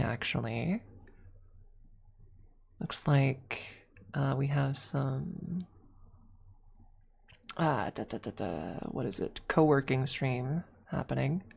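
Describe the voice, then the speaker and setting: A woman streamer in a soft-spoken ASMR style, chatting gently with her viewers, giggling and slipping into whispers, calling them her lovelies. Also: sits low, vocal fry, slightly rough. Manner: affectionate, calls chat her lovelies.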